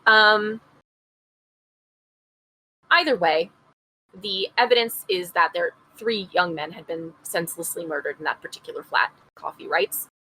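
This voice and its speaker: A woman's voice: fairly low pitch, measured pace, long pauses, sharp tone, breathy edge, low-quality recording. A woman co-hosting a podcast, retelling a true-crime case in a chatty way, reading passages aloud and adding her own asides. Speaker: podcast co-host. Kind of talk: casual true-crime storytelling.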